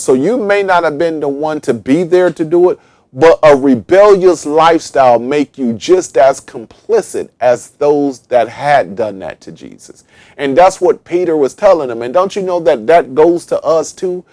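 A man's voice: a little high, animated, normal speed, darkish tone, no room sound. A man who is a pastor, teaching a Bible study in an emphatic preaching manner, repeating phrases for stress. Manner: repetitive, emphatic preaching with fillers.

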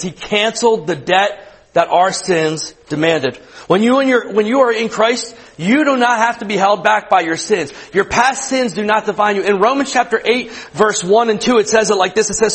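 A man's voice: high voice, moderate pace, a bit bright, poor audio. A man in his late thirties, a youth pastor, preaching a conversational sermon to students, repeating words and asking the room questions. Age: 30s.

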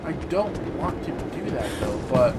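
A man's voice: on the high side, very animated, a little slow. A man giving profane, frustrated commentary while playing a game. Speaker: gaming channel host. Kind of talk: gameplay commentary. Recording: game music behind the voice.

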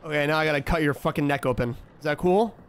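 A young man with a slightly high, clean voice talks fast while streaming a horror game, chattering to himself and trash-talking the characters. He swears freely and flips into frantic yelling whenever something scares him, all as let's-play commentary.

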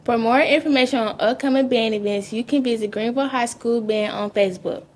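A teenage girl anchoring a student news show, reading in a clear, measured way. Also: a little high, slight background noise. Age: teens.

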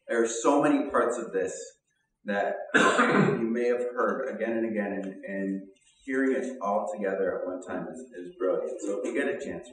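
A man giving an earnest, conversational sermon with pauses and fillers, as a pastor. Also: lowish voice, a bit bright. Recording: echoey room, mic at a distance.

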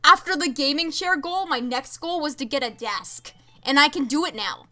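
High, bright-voiced gushing young woman streamer. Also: normal speed. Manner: gushing and stammering, excitable. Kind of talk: casual live-stream chat.

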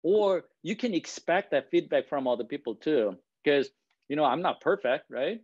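A guest presenter whose native tongue isn't English speaks at normal speed in an expressive, high-leaning voice that's darkish with a breathy edge. Conversational in manner, he checks in with "right?" often and occasionally chuckles at himself. The recording is muffled, with no room sound.

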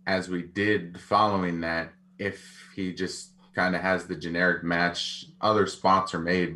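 A man's voice: sits low, sharp tone. A man co-hosting a casual podcast, posing questions with dry, teasing asides. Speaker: podcast co-host.

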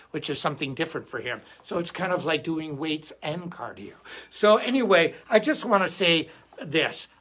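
A middle-aged man hosting a guitar live stream, chatting casually and rambling in an animated way, often restarting his sentences. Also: fairly high pitch. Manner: rambling, animated, self-interrupting. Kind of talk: casual livestream chat.

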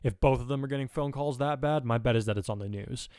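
A man voicing a confident, analytical young man speaking quietly and firmly. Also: mid-range voice, fast, no echo, clean studio sound, lightly acted. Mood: grim.

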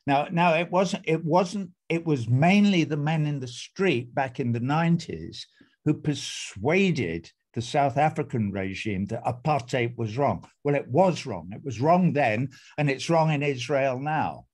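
A man's voice: medium pitch, expressive, a little slow, a little mellow. A man giving an impassioned, emphatic speech as an activist guest on a video call, repeating phrases for force.

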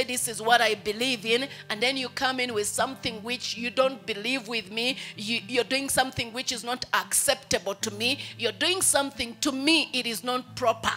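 A woman's voice: on the high side, bright, forceful tone. A woman pastor with a Ugandan English accent preaching a sermon. She acts out a baby's pleas in quoted lines.

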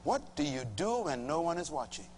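A man's voice: fairly high pitch, big pitch swings, brisk, darkish tone, a little hiss or hum. A middle-aged male pastor preaching a sermon emphatically, stretching key words and calling on the congregation to respond. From Bahamas. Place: church hall before a congregation.

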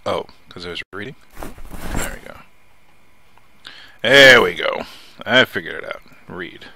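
A man's voice: sits low, expressive, unhurried, creaky, bright, forceful tone, a little hiss or hum. A man casually commenting as he plays a survival game, chatty, muttering to himself and swearing when something startles him. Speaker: let's play host.

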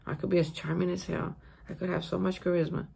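A woman talks through a daily recovery reflection in a hotel room, her voice gravelly and a little husky. She speaks emphatically and leans on repeated words to drive her points home. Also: lowish voice, level tone, fast, mellow. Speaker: recovery vlogger. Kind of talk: casual spoken daily reflection.

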